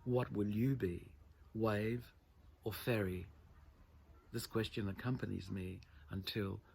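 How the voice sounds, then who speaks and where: Male author reading his prose: low, gravelly, measured and reflective. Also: steady tone, darkish tone. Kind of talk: literary reading.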